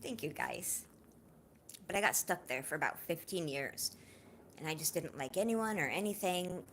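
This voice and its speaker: This livestream host is a woman whose voice runs low, with a little hiss or hum in the audio. Her talk starts earnest and personal, warm and confiding toward viewers, before she loosens up to laugh, joke and chat lively with the chat.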